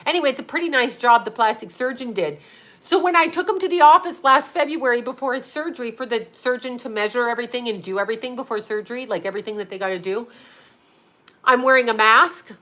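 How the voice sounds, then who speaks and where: A woman vlogger tells a story straight to her viewers. Her voice is fairly high and bright, with a forceful edge. She talks casually and swears freely. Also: fast talker. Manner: animated, profane, laughs often.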